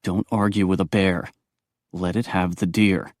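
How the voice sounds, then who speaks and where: A man voicing a protective vampire warrior who sounds dry, gruff and exasperated. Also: medium pitch, lively intonation, normal speed, no room sound, voice pushed up, close to an everyday voice. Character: wry, protective young male vampire warrior.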